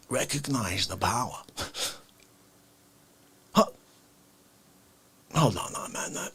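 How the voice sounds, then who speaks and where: A man putting on an indignant Italian tough guy from the Bronx, ranting slowly and dropping from shouts to hushed whispers. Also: sits high, vocal fry, breathy edge, no echo, heavily acted. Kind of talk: comedic character monologue.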